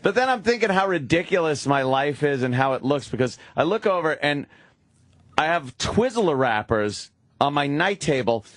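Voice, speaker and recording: A man's voice: fairly high pitch, big pitch swings, normal speed, fairly bright tone, no echo. A man hosting a radio show, rambling through casual stories and laughing at himself. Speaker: radio host. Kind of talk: casual studio banter.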